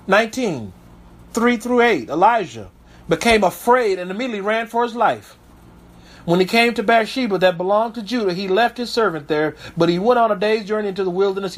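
A man's voice: high-pitched, fairly bright tone. A male pastor preaching a sermon, reading Bible verses aloud and then commenting on them emphatically, with frequent stumbles and repeats.

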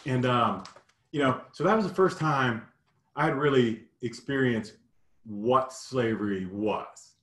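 A man from Kentucky earnestly recounting a childhood memory in casual storytelling, halting and full of "you know". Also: mid-range voice, fairly bright tone, echoey room. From Kentucky, US South.

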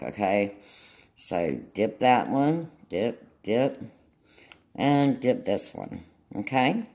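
A woman's voice: very deep voice, sing-song, very slow, long pauses, darkish tone. A woman gives a casual, chatty nail tutorial, often checking in with her viewers. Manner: chatty, keeps checking in with "okay?".

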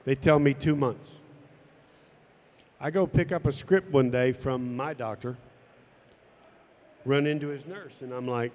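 A man's voice: medium pitch, measured pace, pauses often, darkish tone, long reverb tail. A man telling a personal story to camera, acting out the dialogue as he goes. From United States. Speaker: golf instructor and former tour pro.

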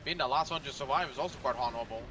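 A man's voice: mid-range voice, racing, sharp tone. A man playing a co-op game with friends on voice chat, joking and swearing. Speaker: co-op player on voice chat. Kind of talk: casual gaming chat with friends. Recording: noisy, distant voice chat mic.

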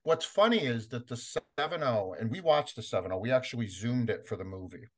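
A middle-aged man, an interview guest, tells a story with real energy. His pitch sits in a normal middle range. He keeps laughing and slips into the voices of the people he is describing. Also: lively intonation, brisk. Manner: acts out quoted voices, laughs often. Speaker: interview guest, comic collector. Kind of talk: animated storytelling.

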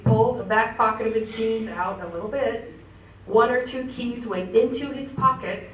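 A woman's voice: a little high, muffled recording. A woman telling family stories at a memorial gathering, chatty and laughing, with many fillers. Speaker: memorial speaker. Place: event hall. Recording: echoey hall, distant mic, ambient noise.

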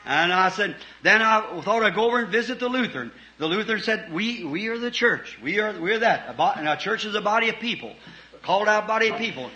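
A man preaching a fervent sermon, swinging from shouted points to quiet storytelling. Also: high-pitched. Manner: fervent, rising to shouts, then dropping soft for stories.

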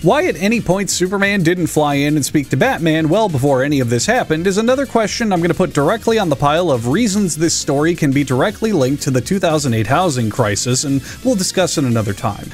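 A man's voice: fairly high pitch, animated, quick pace, hardly any pauses, soft background music. A man giving sarcastic, profane comedic commentary as a comic reviewer, mocking the story and playing characters in silly parody voices.

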